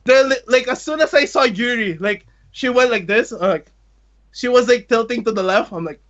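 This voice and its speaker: Man, very high voice, bright, laughing storyteller, acts out quotes. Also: moderate pace, lo-fi sound. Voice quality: laughs often, acts out dialogue. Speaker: guest telling a travel story. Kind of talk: excited storytelling with acted-out quotes.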